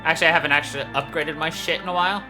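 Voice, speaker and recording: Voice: medium pitch, fairly even intonation, racing. A game streamer giving casual, joking, self-mocking commentary and swearing freely. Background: game music.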